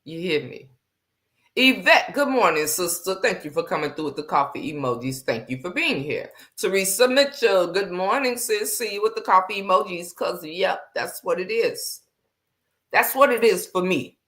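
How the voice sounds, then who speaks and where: A woman's voice: lowish voice, animated, moderate pace, fairly bright tone. A woman hosting a faith livestream, talking candidly and bluntly with slang, greeting viewers as she goes. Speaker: livestream host.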